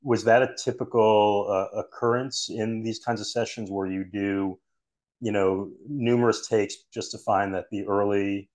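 A man's voice: lowish voice, fairly even intonation, a little slow, darkish tone. A man hosting a podcast interview, asking admiring questions. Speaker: podcast host.

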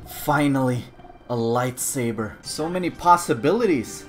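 Excitable young man yelling through a VR game. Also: a little high, moderate pace, a little hiss or hum. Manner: playful, jokey, yells at enemies. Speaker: gaming YouTuber. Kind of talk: excited VR gameplay commentary. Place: home, playing VR.

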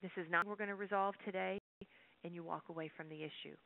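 A woman's voice: fairly low pitch, fast, vocal fry, dry recording. Folksy webinar presenter, woman, talks straight to her audience; tinny, dry phone-like audio. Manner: folksy, animated storytelling with asides to the audience. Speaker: workshop presenter. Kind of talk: live webinar lecture.

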